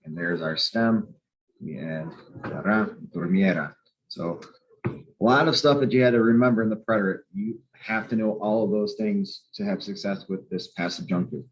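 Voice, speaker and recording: A man teaching a language grammar lesson, explaining step by step in a patient, methodical way and spelling out letters. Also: low-pitched. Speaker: Spanish teacher. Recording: slightly muffled lo-fi recording.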